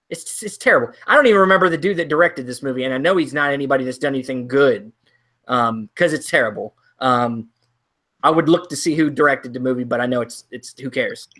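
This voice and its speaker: A man's voice: medium pitch, fairly bright tone. Rambling man ranting about a bad film. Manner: rambling, ranting with many ums. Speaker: co-host of a movie show. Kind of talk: casual chat.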